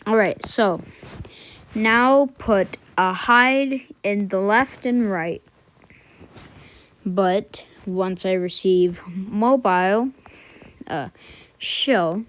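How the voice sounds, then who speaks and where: A woman walking through a coding tutorial in a casual way, thinking aloud with fillers and self-corrections and muttering quiet asides to herself as she works at her computer. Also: mid-range voice, very slow, pauses often. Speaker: tutorial maker.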